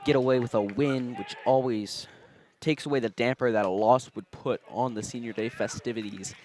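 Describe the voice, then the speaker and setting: A young man giving color commentary on a high school baseball game outdoors, steady and analytical. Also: normal speed.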